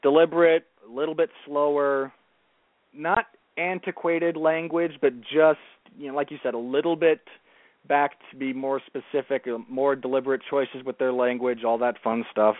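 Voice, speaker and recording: A man's voice: medium pitch, steady tone, moderate pace, no echo. A man who is a guest on a film podcast, talking earnestly and often restarting and correcting his sentences. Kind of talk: casual film discussion. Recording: tinny phone-like line, dry.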